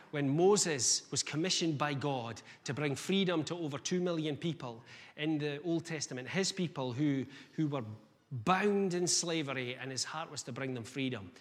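A man delivers an energetic sermon in a slightly higher voice. He talks conversationally, asking rhetorical questions. His words trail off into the long reverb of a hall. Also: moderate pace. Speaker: guest preacher.

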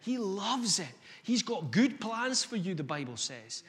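A man preaching a sermon, energetic and conversational, asking the listeners questions. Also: high voice, a little slow. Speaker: guest preacher. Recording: long reverb of a hall.

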